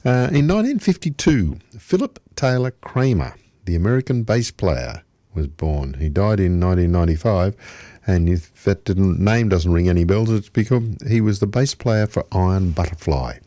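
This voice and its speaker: A male radio host with a very low voice chats through his show in an unhurried, meandering way. His tone is warm and mellow. The studio sound is dry and close. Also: lively intonation, dry recording. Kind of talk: casual radio chat.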